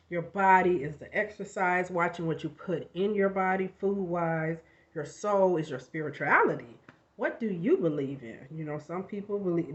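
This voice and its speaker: Chatty woman on a lo-fi home recording. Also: lowish voice. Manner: chatty, animated, with frequent asides. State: recovering from covid, coughing. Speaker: self-help YouTuber. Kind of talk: casual motivational vlog.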